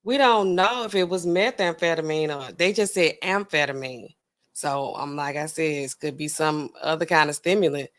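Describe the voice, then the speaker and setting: A woman pharmacist hosting a casual livestream, chatting in a slangy, animated way, reading out viewer comments and laughing often. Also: moderate pace. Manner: animated and chatty, slangy, swings between low asides and high exclaims; laughs often mid-sentence.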